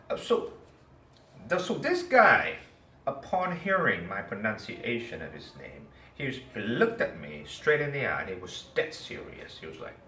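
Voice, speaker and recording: With some vocal fry in his medium-pitched voice, a teacher tells a story at normal speed and animatedly asks his class questions. It's recorded in an echoey room from a far-off mic, with faint ambience and slight background noise.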